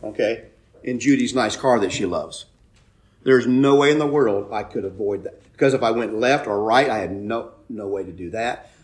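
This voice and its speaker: A man preaching a sermon, telling a personal story with loud emphatic bursts and quiet asides. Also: on the low side, normal speed. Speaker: pastor.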